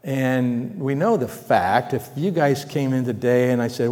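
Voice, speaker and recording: A male pastor preaching a sermon in a conversational way, asking the congregation questions and swelling louder for emphasis. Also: medium pitch, sing-song, moderate pace, big-room sound.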